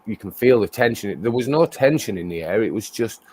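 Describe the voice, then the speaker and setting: A man co-hosting a casual talk show, giving steady, opinionated commentary. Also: on the low side, fairly quick, a little hiss or hum. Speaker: co-host. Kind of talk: casual chat.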